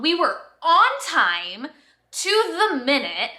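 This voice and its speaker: Young woman vlogging, high bright voice, lots of "like", roomy echo. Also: moderate pace. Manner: animated, breathless storytelling with lots of "like". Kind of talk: casual storytelling. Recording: echoey room.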